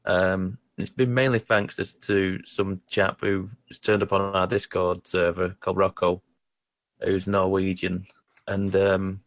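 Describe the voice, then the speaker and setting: A man with a deep, low-pitched voice chats casually about video games. He rambles and stumbles over his words, often poking fun at himself, and sounds close and dry. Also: flat delivery, no echo. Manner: rambling, halting, self-deprecating. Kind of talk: casual gaming chat.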